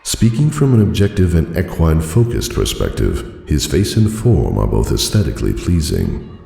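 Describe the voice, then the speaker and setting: A man narrating a fan audiobook in a dry, formal storytelling manner with a gravelly voice. His voice carries a roomy reverb. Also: a bass voice, huge pitch swings, normal speed, warm tone.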